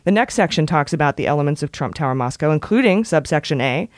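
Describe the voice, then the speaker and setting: A woman co-hosts a podcast, keeping the chat casual, wry and jokey while breaking into goofy voices and snatches of song. Her low-pitched voice is animated and fast, recorded with studio quality and no room sound.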